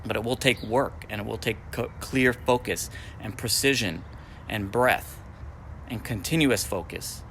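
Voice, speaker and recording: Man in his forties, deep-ish voice, spiritual teaching monologue, repeats affirmations, faint traffic hum behind. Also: measured pace, fairly bright tone. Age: 40s. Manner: repetitive, affirmation-like phrasing.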